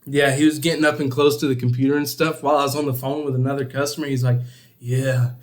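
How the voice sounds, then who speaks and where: A man's voice: mid-range voice, little pitch movement, very fast. A young man casually telling a story on a podcast, laughing a lot and acting out other people's lines. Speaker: podcast co-host.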